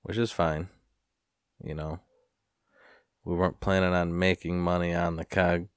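A man with a very low, deep voice tells a story as a podcast host. His talk is casual and rambling, full of swearing and animated retellings, and the sound is close and dry. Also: a little slow, clear, resonant tone, dry recording.

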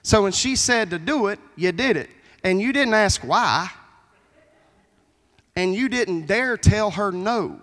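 Man, pastor, folksy sermon, high-pitched, echoing church hall. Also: animated, a little slow, fairly bright tone. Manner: folksy preaching with Southern phrasing. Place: church sanctuary. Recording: long hall reverb in a church.

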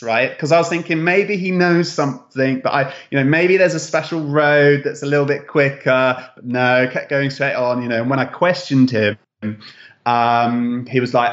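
A man's voice: mid-range voice, fairly even intonation, normal speed, highs cut off. A man telling travel stories in a casual interview, rambling and hesitant with many fillers and restarts. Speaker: travel content creator, guest.

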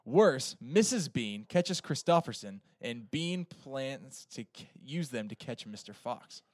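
A man's voice: mid-range voice, sing-song, takes it slowly, no room sound. Man reading a plot recap, dry. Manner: reads the plot steadily, with fillers when he ad-libs. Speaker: podcast host summarizing the film. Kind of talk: casual chat, reading a plot summary.

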